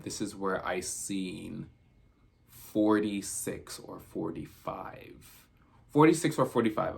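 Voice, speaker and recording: A man with a lowish voice vlogs a casual storytime, rambling through the retelling and constantly using "I'm like" to report what was said.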